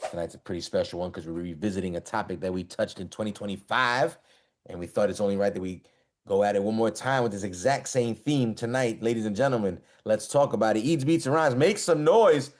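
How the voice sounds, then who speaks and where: A man hosts a live-streamed talk show with a big, energetic delivery. He talks fast in a low voice. He keeps shouting out his guests. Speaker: host. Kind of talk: hype podcast hosting. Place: online live-stream call.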